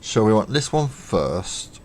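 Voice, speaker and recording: A man's voice: lowish voice, sing-song, slow pace, darkish tone, a little hiss or hum. A man chatting casually on a live stream while building miniatures, counting parts aloud, mocking himself and swearing offhandedly. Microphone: webcam stream.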